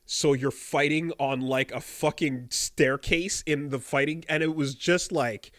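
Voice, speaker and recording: Chill podcast guy, kinda halting, trails off, dry close sound. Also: on the high side, fairly even intonation, fairly bright tone, no echo. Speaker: podcast co-host. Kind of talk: casual podcast banter.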